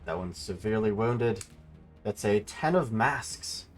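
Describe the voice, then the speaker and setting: Male game master for a streamed tabletop game, relaxed narration, faint background music. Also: lowish voice, a little slow.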